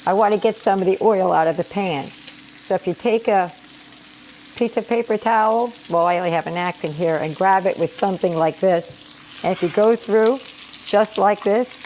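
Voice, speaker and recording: A middle-aged woman talks through her cooking in a relaxed, chatty way, her voice a little scratchy from allergies. She sits at an ordinary pitch for a woman and explains every step as she goes. A pan sizzles behind her over a faint background hiss. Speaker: home cook and channel host. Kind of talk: casual cooking vlog. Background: sizzling pan in a home kitchen.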